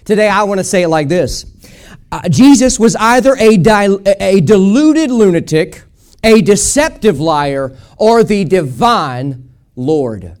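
High-pitched male pastor, emphatic, repetitive sermon delivery with congregation call-outs. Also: sing-song, unhurried. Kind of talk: preached sermon. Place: church service.

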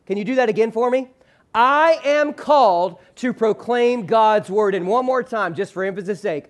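A male pastor preaching a sermon. He leads the congregation in call-and-response, slows hard on the key phrase, and lets his phrase endings drop low and soft. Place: church sanctuary with a screen behind him.

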